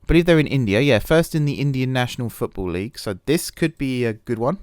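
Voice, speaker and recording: A man's voice: medium pitch, expressive, fast, darkish tone, smooth, no room sound, studio quality. A man hosting a gaming channel, chatting casually over a management game, rambling and poking fun at himself with many fillers and restarts. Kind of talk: casual let's-play commentary.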